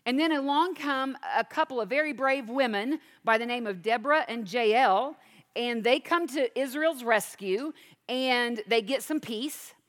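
A woman's voice: fairly high pitch, measured pace, fairly bright tone, long reverb tail. A woman teaching a sermon, reading scripture aloud and then explaining it with questions to the listeners. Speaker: Bible teacher.

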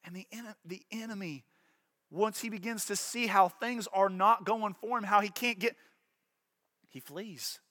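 A high-voiced, bright-toned man delivers a sermon from the pulpit. He preaches with fervor, stumbling over repeated words and slipping into quick acted voices. The sound is close and dry, with no room around it. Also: no echo. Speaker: pastor.

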